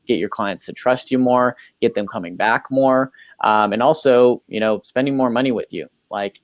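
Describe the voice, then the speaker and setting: A man's voice: on the low side, no echo. A man hosting a business talk show, upbeat and loose, with lots of fillers. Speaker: podcast host.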